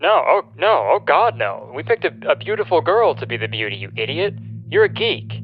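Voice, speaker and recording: A man's voice: on the high side, very animated, a little fast, phone-quality sound. A man voicing a mean male caller who taunts and insults. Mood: mocking.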